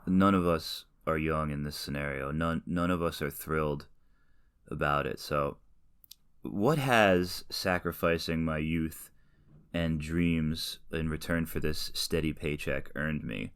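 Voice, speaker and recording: A man's voice: a bass voice, slow, a bit bright, clean tone. A man in his late twenties, a podcast host rambling through a casual, self-deprecating solo monologue full of tangents.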